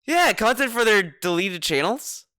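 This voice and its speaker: A man's voice: sits high, big pitch swings, normal speed, pushed and bright, smooth, no room sound. A man giving casual, sarcastic reaction commentary, rambling and repeating himself as he argues. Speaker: streamer reacting to a video.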